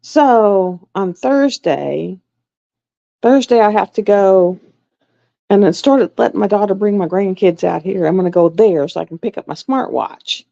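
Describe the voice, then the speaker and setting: Sewing on a livestream, this middle-aged host chats casually and wanders through her stories in a medium-pitched, creaky, mellow voice at a measured pace. The recording has a dull, dry lo-fi quality.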